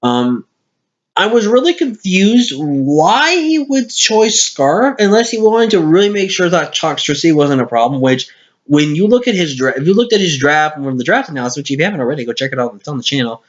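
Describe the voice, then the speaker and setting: A lo-fi screen-capture mic records the commentator talking a little fast, very animated, with a voice on the high side. He's tired and hiccuping, rambling casually over a game replay and correcting himself.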